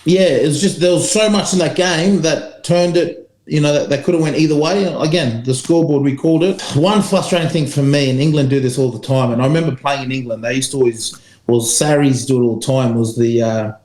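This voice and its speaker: A man's voice: on the high side, fairly quick. Chatty New Zealand man, echoey room. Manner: rambling, animated, laughs often. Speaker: rugby podcast co-host. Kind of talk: casual chat.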